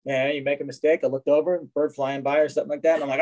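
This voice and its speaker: A man's voice: a little high, fast talker, dark tone, low-quality recording. Man telling rambling car stories. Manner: rambling anecdotes with frequent restarts and acted-out quotes. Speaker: guest, race car collector. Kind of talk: casual storytelling.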